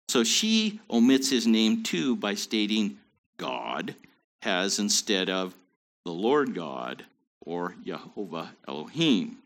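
A man's voice: on the low side, fairly bright tone. A man teaching a Bible study in a conversational way, with joking asides.

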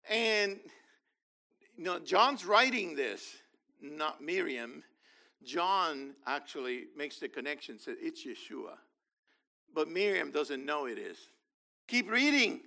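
A man's voice: high voice, pushed and bright. A man teaching from the Bible, reading verses aloud and explaining them with enthusiasm.

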